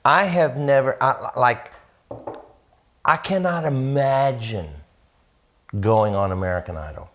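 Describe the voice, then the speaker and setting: A man's voice: mid-range voice, lively intonation, takes it slowly, pauses often, a bit bright. A man hosting a casual dinner-table conversation, chatty and self-deprecating. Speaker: host.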